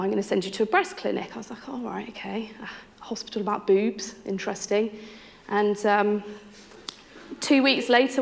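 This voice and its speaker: Candid young mum telling her story. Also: medium pitch. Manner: candid, frank, lively quoting of others and herself. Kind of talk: personal storytelling.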